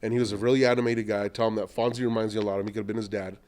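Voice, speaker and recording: A middle-aged man, an entrepreneur, telling long animated anecdotes in a podcast interview and acting out what other people said. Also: lowish voice, very fast. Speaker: entrepreneur guest.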